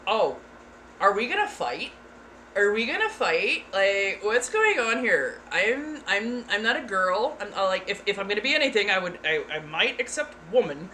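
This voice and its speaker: A woman ASMR streamer chats casually, frank and giggly, sometimes slipping into playful voices. Her mid-range voice is very animated and sharp in tone, at a moderate pace, with slight background noise.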